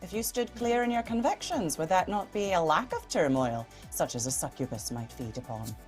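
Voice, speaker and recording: A woman playing a tabletop game, asking the game master questions in a lively way. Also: fairly low pitch, moderate pace, husky, faint music behind. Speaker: player.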